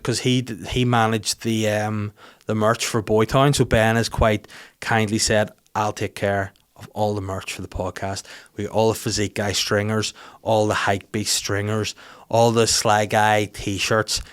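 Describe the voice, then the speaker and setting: A Northern Irish man hosts a podcast in a loose, comic monologue. He rambles from one thought to the next, mocks himself and drops the odd swear word along the way. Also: lowish voice. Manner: rambling, self-deprecating, sweary. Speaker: podcast host. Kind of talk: casual comedic monologue.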